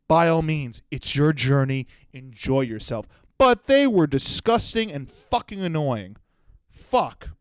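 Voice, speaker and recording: A man in his twenties holds forth on his own comedy podcast, rambling through stories and swearing freely. His voice sits a little high for a man and comes through smooth and clear. The sound is dry and close, with no room echo. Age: 20s. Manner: profane, rambling storytelling. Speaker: podcast host. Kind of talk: solo comedy podcast monologue.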